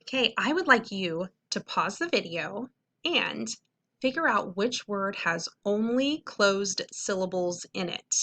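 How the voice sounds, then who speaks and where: A young woman teaches a reading lesson with a bright, clear tone. She explains step by step and keeps checking in with her middle school students. Her pitch sits in an ordinary middle range. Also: expressive, a little slow. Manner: clear, patient explaining with frequent "okay?" checks.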